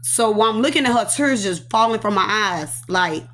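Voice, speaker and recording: A woman's voice: medium pitch, expressive, normal speed, hardly any pauses, fairly bright tone. Earnest woman telling her testimony. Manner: earnest, emotional, recounting in quoted dialogue. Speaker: prophetess. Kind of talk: personal testimony storytelling.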